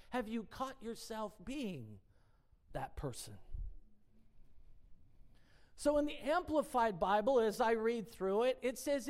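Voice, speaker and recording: A woman's voice: on the high side, darkish tone. A woman giving a casual devotional Bible teaching. She reads word definitions aloud, lingers on single words and asks her listeners rhetorical questions. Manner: emphatic, dwells on single words.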